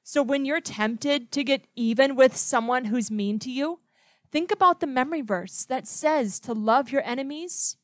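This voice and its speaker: Higher-voiced woman giving a children's Bible lesson; gentle questions, dry close sound. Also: dry recording. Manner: asks the listener questions, slow and gentle.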